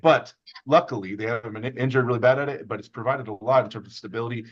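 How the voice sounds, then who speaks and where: A man talks quickly and at length in a loose, rambling chat, jumping into sarcastic jokes. His voice sits at a middle pitch. The sound is dull and lo-fi. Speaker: host, armwrestling team member. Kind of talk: casual chat.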